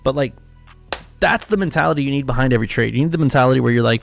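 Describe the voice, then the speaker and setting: A man's voice: medium pitch, very fast, vocal fry, no room sound, faint music behind. A man hosting a live trading stream, ranting emphatically and profanely, repeating himself for effect. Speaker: livestream trading host. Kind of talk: casual livestream rant.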